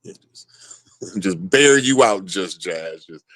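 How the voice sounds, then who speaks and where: Swearing heavily and laughing often between lines, a man chats in a loose, joking way. He has a low, slightly bright voice with lively intonation and a slow pace, and the audio has no echo.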